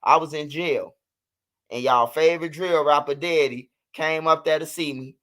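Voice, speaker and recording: A man's voice: on the high side, fairly even intonation, moderate pace, a bit bright. A man in his thirties hosting a livestream, talking loosely and profanely in casual chat. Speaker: livestream host.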